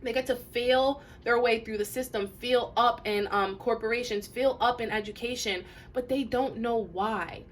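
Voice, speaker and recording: A woman's voice: on the high side, normal speed, few pauses, a little hiss or hum. A woman doing a casual tarot reading to camera, talking earnestly with many restarts and fillers. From Detroit area.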